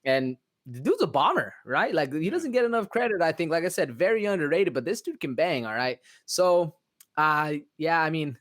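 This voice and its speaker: A man co-hosting a sports podcast, talking in a relaxed, slangy way with plenty of fillers. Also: on the high side, moderate pace. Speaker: podcast co-host. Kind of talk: casual sports podcast chat.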